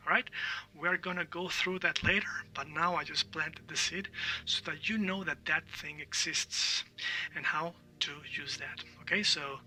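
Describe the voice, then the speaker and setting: A man's voice: a little high, sharp tone, far from the mic. A man teaching a language lesson, explaining patiently, repeating words for drills and often checking in with "all right?".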